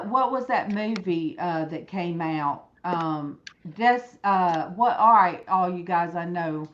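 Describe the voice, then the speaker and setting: A woman from Alabama tells a long story in a casual online chat. She rambles and gets animated. The sound is a little dull and lo-fi. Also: fairly low pitch. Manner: animated, rambling, acts out quoted voices. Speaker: host. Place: room indoors, echoey.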